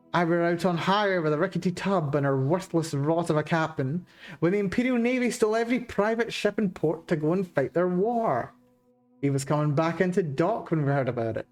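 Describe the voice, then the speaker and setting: A woman voicing a gruff, boastful old male pirate captain with a Scottish accent and rough sailor dialect, reading a journal aloud in character. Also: low voice, darkish tone, close to an everyday voice.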